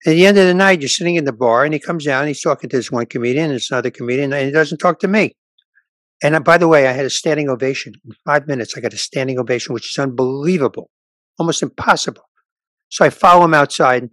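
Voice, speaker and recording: A man's voice: a little high, fast, no echo. A man in his sixties, a stand-up comedian, telling stories in a casual podcast chat and acting out the dialogue. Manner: animated storyteller acting out dialogue.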